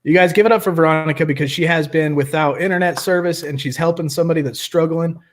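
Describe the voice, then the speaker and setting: A man's voice: a little high, quick pace. A man hosting a live recovery meeting over webcam, in casual chat, joking and laughing often.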